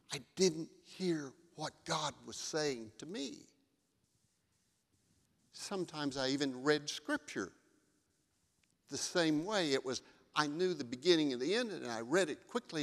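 A man's voice: on the high side, long reverb tail. A male pastor giving a sermon in a conversational, storytelling way.

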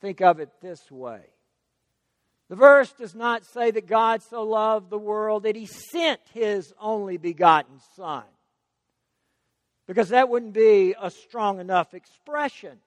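A man's voice: sits high, slow, no echo, in a large hall. A man preaching a sermon, emphatic and stressing key words by repeating them.

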